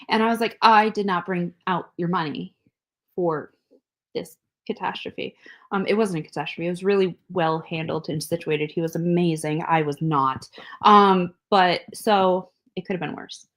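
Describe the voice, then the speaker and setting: A woman with a voice on the low side co-hosts a podcast, recounting a story in a loose, lively manner. Laughter comes often, and she acts out people's words.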